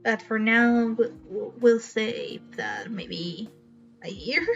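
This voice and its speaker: Slow, earnest young woman streamer. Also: a little high, faint music behind. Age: young adult. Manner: earnest, emotional, many restarts and small laughs. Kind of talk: casual live-stream chat. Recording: slightly dull lo-fi stream audio.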